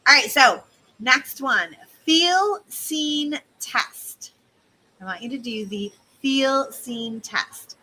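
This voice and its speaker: A woman business coach teaching in a casual, animated way, speaking straight to her listeners. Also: high-pitched, very slow, a little hiss or hum, poor audio.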